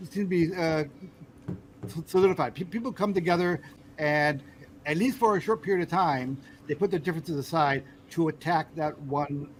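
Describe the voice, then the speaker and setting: Halting American man, slightly high voice. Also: a little hiss or hum, rough recording. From United States. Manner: halting, many fillers and restarts. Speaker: podcast host. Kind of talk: casual political chat.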